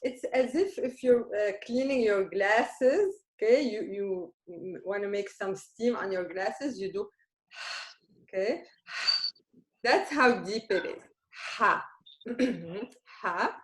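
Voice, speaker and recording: A woman's voice: mid-range voice, animated, slow pace. A woman from Lebanon, teaching a beginner Arabic lesson and checking in patiently with her learners. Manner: patient and encouraging, checks in with "okay?" constantly. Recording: roomy room with faint noise.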